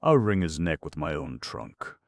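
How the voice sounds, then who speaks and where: Storybook elephant, elegant and fierce, gravelly and very deep, as a man reads him. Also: sing-song, moderate pace, dry recording, clean studio sound, full character voice. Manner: fierce, dramatic outbursts.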